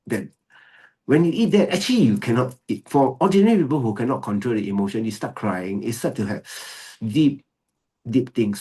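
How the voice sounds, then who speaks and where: A man gives a Buddhist teaching in an earnest, emphatic way, repeating his key words. His voice sits low and has a husky, breathy edge. He speaks as a teacher addressing students. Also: mellow. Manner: earnest, repetitive, emphatic, switches to Mandarin. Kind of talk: dharma talk. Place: video call recording.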